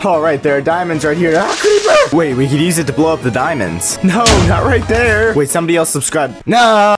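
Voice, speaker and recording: A man giving jokey, excitable commentary on a video game as a YouTuber. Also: mid-range voice. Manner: jokey, fast-switching, excitable. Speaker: gaming YouTuber. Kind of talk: comedic gaming commentary. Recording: background music.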